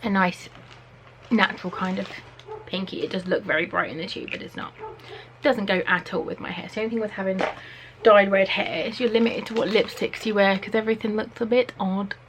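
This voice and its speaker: A young English woman from Norfolk chatting excitedly on camera at home, reading out product blurbs as she unboxes them. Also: mid-range voice, fairly quick, background noise. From Norfolk, England. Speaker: beauty vlogger. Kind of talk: casual unboxing chat. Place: at home, indoors.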